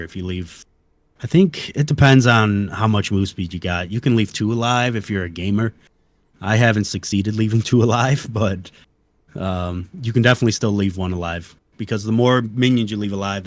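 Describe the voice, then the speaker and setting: Interviewed about a video game, a man with a lowish voice lays out detailed technical explanations in a relaxed conversation. He adds soft-spoken asides, and there's no room sound at all.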